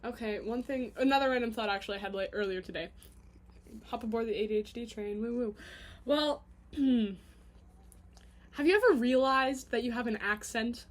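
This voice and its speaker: A woman's voice: fairly high pitch, normal speed. A woman rambling in a casual video diary, chatty and scattered, humming to herself between thoughts. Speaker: vlogger.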